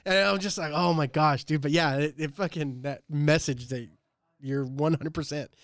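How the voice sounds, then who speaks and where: A man's voice: fairly high pitch, moderate pace, dry recording, clean studio sound. A man co-hosting a podcast, telling stories in a casual, profane, earnest way. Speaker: podcast co-host. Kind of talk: casual chat.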